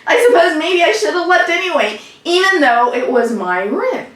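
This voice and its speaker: Through a distant mic in an echoey room, a woman with a very high voice speaks at normal speed with lively intonation, a bit bright. She's an actress improvising a social worker recounting a family row. Her monologue rambles conversationally, full of fillers.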